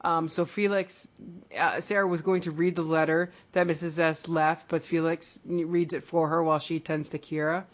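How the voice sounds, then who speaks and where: A woman with a somewhat low voice co-hosts a podcast. She rambles through a casual TV recap, leaning on lots of fillers and restarts. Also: flat delivery, moderate pace. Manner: chatty, rambling, filler-heavy. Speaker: podcast co-host. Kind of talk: casual episode recap chat.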